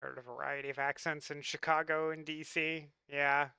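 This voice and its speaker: A man's voice: on the high side, level tone, moderate pace, gravelly, bright, forceful tone, clear, resonant tone, no room sound. A man from Long Island chatting casually with his stream chat in a wry, talkative way. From Long Island, New York.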